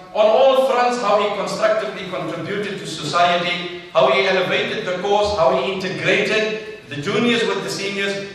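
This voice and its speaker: A man's voice: sits high, fairly bright tone. A man giving a storytelling sermon as an Islamic lecturer, acting out the characters in his story and quoting Arabic. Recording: echoey hall, far from mic.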